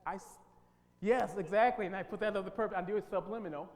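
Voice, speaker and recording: A man with a high-pitched voice and quick pace leads a team-building workshop in a church hall. He speaks emphatically and quizzes his listeners, and the sound has a long hall reverb plus a faint hum.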